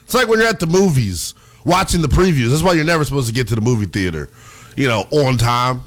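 A man hosting a sports talk show, chatting in an animated, excitable way about the playoffs. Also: mid-range voice, fast.

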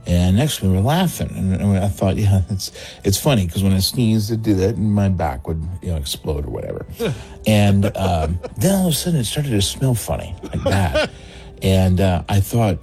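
A man's voice: deep voice, lively intonation, moderate pace, darkish tone, faint music behind, rough recording. Man telling a comic story. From Texas. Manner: rambling, laughs through his own story. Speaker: comedian calling in to a radio show.

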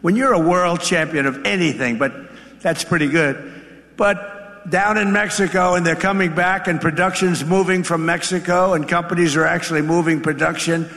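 Man, fairly high voice, rambling boastful political speech, repeats himself, long venue reverb with faint ambience. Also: fairly even intonation, moderate pace, a bit bright. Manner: rambling, repetitive, boastful asides. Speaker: speaker addressing a factory crowd.

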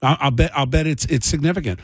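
A man's voice: on the high side, fast talker, breathy edge, dry recording. A man hosting a call-in radio talk show, chatting casually and rambling with fillers.

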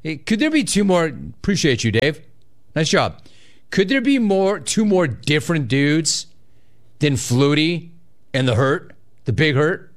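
A man hosting a sports call-in radio show, animated and joking with callers. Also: a little high, unhurried. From California. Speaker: radio talk show host. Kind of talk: casual sports radio chat.

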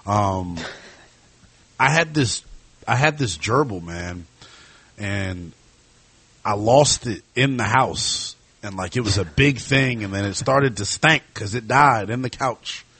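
A man's voice: lowish voice, slow pace, breathy edge, dry recording. A man hosting a sports talk show, chatting casually with lots of fillers. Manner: conversational, animated, lots of fillers.

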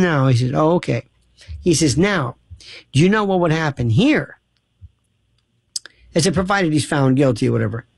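A man hosting a talk radio show, telling stories in an animated way and acting out the dialogue of the people he quotes. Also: a little high, vocal fry, dry recording, studio quality.

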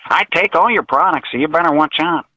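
A man's voice: fairly high pitch, brisk, pushed and bright, no room sound, low-quality recording. Man calling in with a cartoonish put-on voice. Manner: exaggerated put-on voice. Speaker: caller. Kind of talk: phone-in call to a talk show.

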